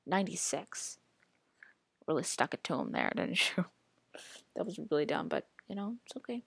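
A woman's voice: deep voice, very animated, moderate pace, gravelly, slightly rough, dry recording. A woman hosting a casual solo podcast, rambling and chatty, full of "like" and reacting aloud to what she scrolls through. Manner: rambling, chatty, heavy use of filler "like". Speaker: podcast host.

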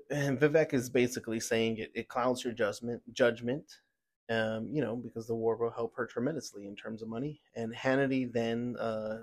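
Male podcast host, mid-pitched, heated opinionated news rant full of fillers. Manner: heated, ranting, with many fillers and restarts.

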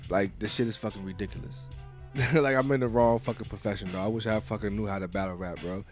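A man co-hosting a podcast, recapping battle rap events in casual chat, animated and emphatic, swearing freely. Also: lowish voice, fast, soft background music.

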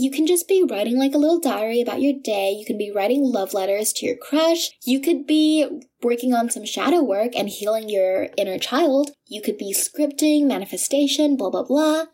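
Young woman, podcast host, chatty, fast talker, slightly high voice, casual advice. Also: warm tone. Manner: chatty, fast, many filler likes.

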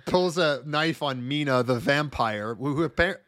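A man co-hosting a casual movie discussion podcast, talking in an animated way and swearing freely. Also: fairly high pitch, moderate pace, dry recording, clean studio sound. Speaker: podcast co-host.

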